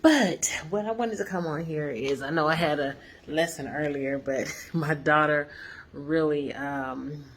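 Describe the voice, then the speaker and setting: A woman's voice: low voice, a little slow, slight background noise. A woman in her forties chatting earnestly to viewers from a hotel room, telling a personal story with lots of fillers. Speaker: vlogger. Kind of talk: casual reflective vlog.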